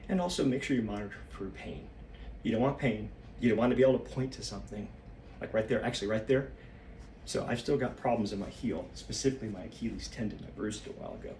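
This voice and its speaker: A man's voice: fairly low pitch, fairly quick, a little mellow, reverberant, far from the mic, a little hiss or hum. A man in his fifties, slightly out of breath, rambling and losing his train of thought as he thinks aloud while shaking his body. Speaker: solo practice vlogger.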